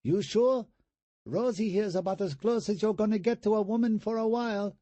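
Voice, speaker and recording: A man putting on a crude, mocking falsetto woman's voice with broken English for an audiobook character. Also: moderate pace, mellow, no echo.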